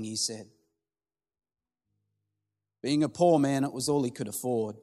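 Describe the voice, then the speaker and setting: A man telling a parable in a sermon, in a slow, dramatic storytelling way. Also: medium pitch. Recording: long hall reverb with soft music.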